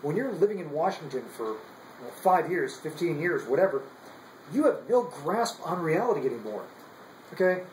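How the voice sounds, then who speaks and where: A man's voice: on the high side, big pitch swings, normal speed, darkish tone, echoey room, slight background noise, low-quality recording. A young man on active military duty, giving a heated, profane political rant full of repeated words. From United States. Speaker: active duty service member.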